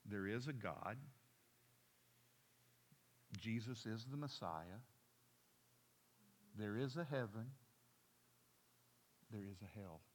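A pastor voicing an old, wise, sly male demon who coaxes in a low, hushed whisper during a sermon story. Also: big pitch swings, moderate pace, pauses often, slightly rough. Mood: coaxing.

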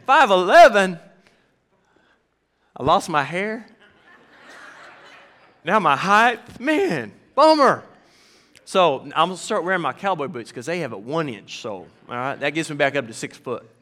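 A middle-aged man preaching a sermon as pastor, folksy and animated, talking straight to his congregation. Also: a little high, smooth. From American South.

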